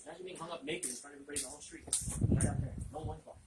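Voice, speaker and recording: Male preacher, interactive Bible teaching, fairly high voice, quizzes the room, distant mic with heavy hiss. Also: fairly even intonation, rapid-fire. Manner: quizzes listeners and repeats their answers. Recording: echoey room, distant mic, loud noise.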